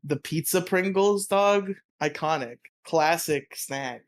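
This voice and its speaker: A man co-hosting a casual podcast, talking in halting, profane bursts and laughing often mid-sentence. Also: on the high side. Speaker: podcast co-host.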